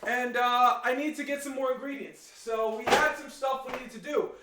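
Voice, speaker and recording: An excitable young man with a very high voice chats with viewers during a casual live stream. He rambles along in an echoey kitchen, caught by a room mic rather than a close one. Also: moderate pace, very noisy. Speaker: livestream host. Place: home kitchen. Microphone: omnidirectional mic set in the room.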